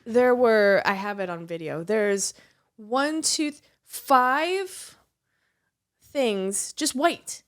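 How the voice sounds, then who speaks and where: A woman co-hosting a podcast, telling an animated, foul-mouthed story in casual chat. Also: a little high, drawn-out words. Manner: animated storytelling, swears freely. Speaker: podcast co-host.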